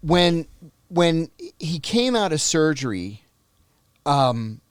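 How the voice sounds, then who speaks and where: A man's voice: fairly high pitch, slow pace, clear, resonant tone, no echo. Man telling a war story on a podcast, acts out the voices, dry close sound. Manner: vivid, animated storyteller acting out dialogue. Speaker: guest, former intelligence officer.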